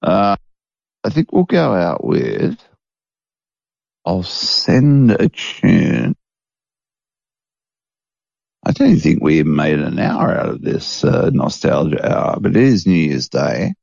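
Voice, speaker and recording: A man's voice: low voice, very animated, slow, gravelly, long pauses, darkish tone, breathy edge, dry recording, highs cut off. A man hosting a rambling, casual late-night chat at home, chuckling often. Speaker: podcast host.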